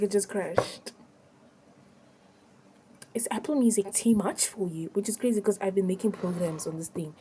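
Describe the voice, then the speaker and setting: A woman's voice: lowish voice, dark tone, slightly rough. A young woman chatting casually in a vlog, getting exasperated and singing bits of songs between comments. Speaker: vlogger.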